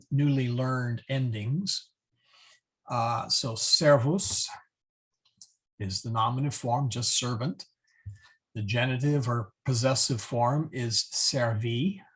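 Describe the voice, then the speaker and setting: A man teaching a Latin class in a halting lecture, with many fillers and self-corrections. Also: mid-range voice, husky.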